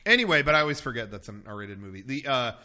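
Bright-voiced man telling stories. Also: mid-range voice, fast. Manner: animated, profane storytelling. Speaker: podcast host. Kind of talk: casual chat.

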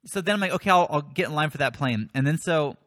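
A man's voice: on the high side, fast talker. A man co-hosting a podcast, telling a story casually with lots of swearing and self-mockery. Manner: profane, self-mocking, animated. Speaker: podcast co-host.

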